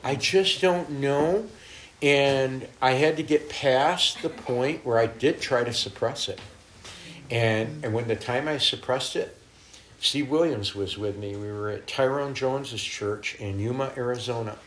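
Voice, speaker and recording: A middle-aged man, a traveling minister, spins long anecdotes in a conversation. He laughs often and acts out other people's lines. His voice sits at an ordinary pitch. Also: a little slow, fairly bright tone. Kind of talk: storytelling in a conversation.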